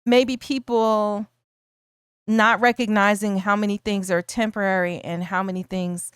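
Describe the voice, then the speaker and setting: A woman's voice: mid-range voice, fairly even intonation, unhurried, clear, resonant tone, no room sound, studio quality. A woman co-hosting a casual film discussion, thoughtful and laughing easily, often restarting her sentences. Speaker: podcast co-host.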